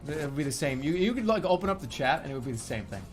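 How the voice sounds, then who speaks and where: A man streaming gameplay, commenting casually and swearing a lot, with sudden loud excited outbursts. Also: on the high side, rapid-fire, faint music behind.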